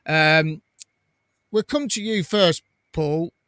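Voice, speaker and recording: A man's voice: a little high, slow pace, sharp tone, clear, resonant tone, no room sound. Chatty man hosting a fan stream. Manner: chatty, laughs often, reads comments aloud. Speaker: fan channel host. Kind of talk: casual live-stream chat reading comments.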